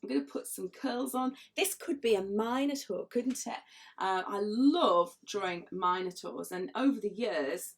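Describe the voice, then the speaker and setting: Unhurried and medium-pitched, this middle-aged woman teaches kids to draw. She's an illustrator with a chatty, playful manner who laughs a lot as she goes.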